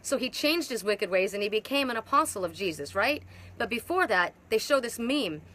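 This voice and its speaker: A woman's voice: a little high, lively intonation, moderate pace, pushed and bright. A middle-aged woman giving an emphatic, repetitive spiritual monologue as a twin soul facilitator, speaking outdoors. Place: outdoors in hot humid weather.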